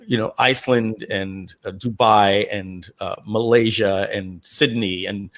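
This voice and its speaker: A middle-aged man, a guest in an interview, telling his story casually, often restarting his sentences and clearing his throat, and jumping up in pitch when he acts out what others said. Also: a bit bright. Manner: acts out quoted voices with jumps in pitch. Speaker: interview guest, online marketer.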